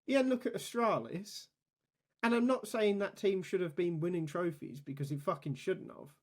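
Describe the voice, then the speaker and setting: A man co-hosting a podcast in casual chat, quick and argumentative, often cutting in. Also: high voice. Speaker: podcast co-host.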